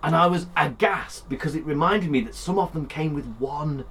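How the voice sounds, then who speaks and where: A man co-hosting a car podcast, chatting in an animated, jokey way with casual swearing. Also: fairly high pitch, moderate pace, a little hiss or hum. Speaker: podcast co-host. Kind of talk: casual chat.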